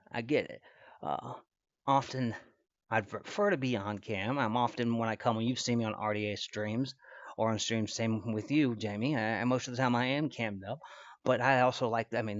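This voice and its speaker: Speaking through a computer mic at his desk, a man rambles, swears, and trash-talks casually during a live-stream reaction. His voice is mid-range, and the recording is muffled with no room sound.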